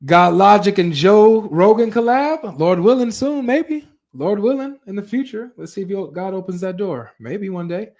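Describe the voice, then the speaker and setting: A man hosting a live reaction stream, reading chat and talking straight to his viewers in an animated way. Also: sits high, normal speed, few pauses. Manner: animated, talks straight to viewers with frequent asides.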